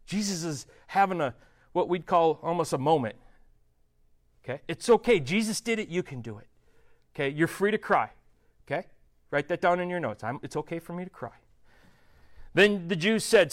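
Male pastor, relaxed conversational preaching, expressive up-and-down delivery, light humor. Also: a little high, a little fast. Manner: animated, conversational, jokey asides between scripture readings. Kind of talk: casual expository sermon.

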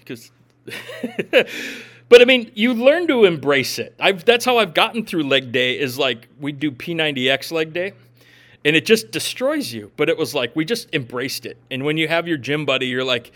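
A man's voice: fairly high pitch, normal speed. A man pastor giving a casual, joking sermon with gym and pop-culture asides. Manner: animated, swings between loud and soft. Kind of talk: conversational sermon.

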